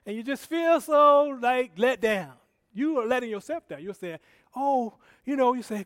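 A man preaching a sermon in a conversational, rambling way, swinging from soft asides to loud calls to the congregation. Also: very high voice, moderate pace, no room sound, clean studio sound. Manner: conversational and rambling, with self-corrections and laughs.

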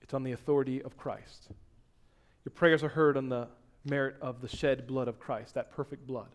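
A man preaching a sermon, dropping to hushed tones and then rising to loud, emphatic exhortation. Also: mid-range voice, fairly even intonation, moderate pace. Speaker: pastor.

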